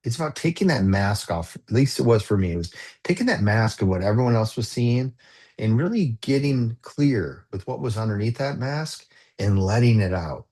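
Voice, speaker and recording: A man's voice: medium pitch, animated, moderate pace, mellow. A man coaching leaders in a live talk, earnest and reflective, posing repeated questions with casual fillers and restarts.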